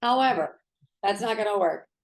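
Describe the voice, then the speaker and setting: A woman's voice: mid-range voice, animated, normal speed. A woman coaching in a direct, earnest way. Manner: earnest, direct, addresses listeners as y'all. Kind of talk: coaching talk.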